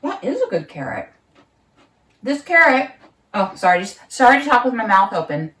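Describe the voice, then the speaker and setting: A woman's voice: medium pitch, big pitch swings, fast talker, a bit bright. A woman vlogging from her home kitchen, thinking aloud, laughing often and talking while eating. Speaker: market gardener vlogger. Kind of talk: casual home vlog. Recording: roomy sound, mic at a distance.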